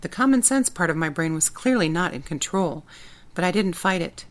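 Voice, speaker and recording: Woman author narrating her audiobook, first person, low and steady. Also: normal speed. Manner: plain, steady storytelling.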